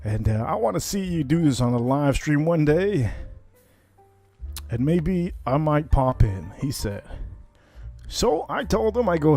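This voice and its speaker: Animated, chatty man hosting a drinks stream. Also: a little high, measured pace, soft background music. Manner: chatty, rambling, animated asides. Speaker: livestream whiskey cocktail host. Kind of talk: casual livestream chat.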